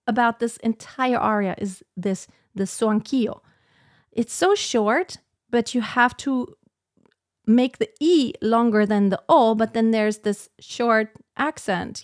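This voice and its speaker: A lyric coloratura soprano talks through her practice of an aria, picking apart her own phrasing. Her speaking voice sits a little high for a woman. She critiques herself as she works and slips into short sung demonstrations. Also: dry recording, clean studio sound. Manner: self-critical, breaks into sung demos. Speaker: singing teacher practicing an aria. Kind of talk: thinking-aloud practice commentary.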